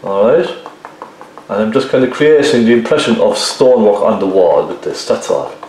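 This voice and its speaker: In a laid-back painting lesson, a male teacher guides viewers step by step, frequently checking in as he paints. His voice is on the low side at a moderate pace, recorded in a very echoey room.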